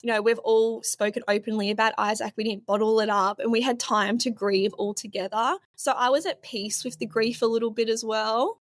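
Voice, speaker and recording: A woman's voice: fairly high pitch, steady tone, brisk, hardly any pauses, no room sound, studio quality. Earnest young woman. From Australia. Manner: earnest, open, emotional at times. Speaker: guest, community pharmacist. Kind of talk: personal storytelling in an interview.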